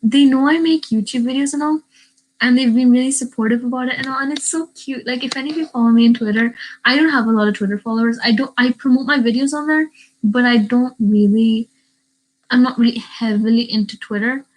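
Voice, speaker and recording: Teen girl, Derry accent with an Indian hint, bubbly livestream chatter, slightly higher voice. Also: brisk, poor audio. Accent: Northern Irish (Derry) with a hint of Indian. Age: teens. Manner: chatty and bubbly, many "like" fillers. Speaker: YouTuber reading live chat. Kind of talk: casual livestream chat. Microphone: webcam mic.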